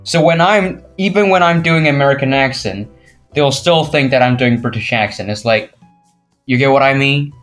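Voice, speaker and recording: A teenage boy co-hosting a casual podcast, telling a school story in an animated way and mimicking his classmates. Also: mid-range voice, moderate pace, soft background music. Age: teens. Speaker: podcast co-host. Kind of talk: casual chat.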